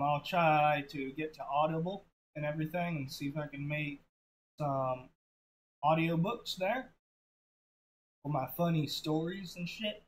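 A casual storyteller with a crude, offhand manner who tells the tale slowly. The delivery sounds unpolished and loose, like talking to friends. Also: mid-range voice, a little hiss or hum, poor audio.

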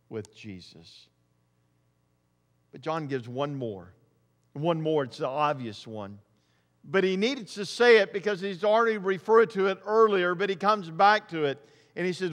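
A pastor delivers a sermon with a fairly high voice, hammering home points through repetition. His volume swells to near shouts and then drops low. The sound carries a long reverb from the church sanctuary. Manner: emphatic preaching, repeats phrases, swells and drops in volume.

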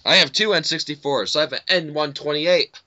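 A man's voice: on the high side, a little fast, a little hiss or hum. A young man chatting and joking on a voice call. He giggles a lot and slips into silly impressions. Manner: giggly, jokey, breaks into silly impressions and shouts. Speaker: channel host recording a voice chat. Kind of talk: casual chat. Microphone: computer headset mic on a voice call. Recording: dull lo-fi voice chat recording.

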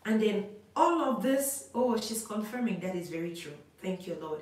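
A woman's voice: medium pitch, animated, moderate pace, few pauses, darkish tone, heavy reverb, distant mic, rough recording. A woman preacher giving prophecy in a live prayer session, declaring, repeating phrases and praying over callers.

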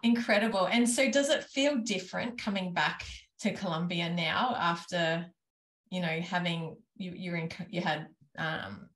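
A woman's voice: fairly low pitch, fairly bright tone. Encouraging woman host in a roomy room. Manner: encouraging, many short affirmations. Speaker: podcast host. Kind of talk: casual interview. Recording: roomy sound.

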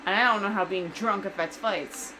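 A woman's voice: mid-range voice, moderate pace, noisy background. Foul-mouthed young woman gaming. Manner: profane, outspoken. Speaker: let's play host. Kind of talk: casual gameplay commentary.

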